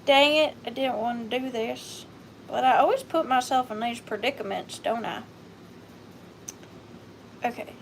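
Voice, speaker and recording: A woman's voice: on the high side, a little slow, long pauses, slight background noise. A woman hosting a live online vintage sale, chatting casually and rambling with playful wordplay. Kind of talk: casual live-stream chat.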